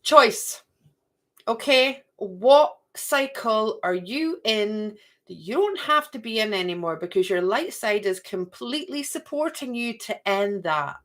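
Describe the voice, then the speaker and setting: A woman's voice: medium pitch, expressive, a little slow, fairly bright tone. A woman giving a casual, chatty spiritual card reading to her viewers, often checking in with "okay?" and "right?".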